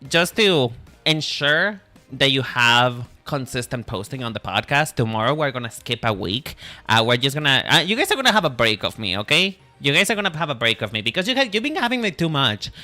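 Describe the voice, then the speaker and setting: Man streamer, very lively and bright, chatty and profane, talks to chat, faint music under him. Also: medium pitch. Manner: animated and swearing, laughs often, talks straight to chat. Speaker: streamer with an animated avatar. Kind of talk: casual live-stream chat with viewers.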